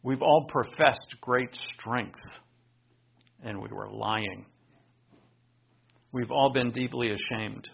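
Male preacher, earnest and conversational, husky, gravelly edge. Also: medium pitch, takes it slowly, long pauses, highs cut off. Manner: earnest, conversational storytelling with personal asides. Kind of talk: sermon.

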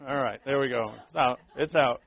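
A man preaching a sermon, telling stories with animated acted-out quotes and laughing at himself. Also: mid-range voice, normal speed, no room sound. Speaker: pastor. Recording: dull, dry lo-fi recording.

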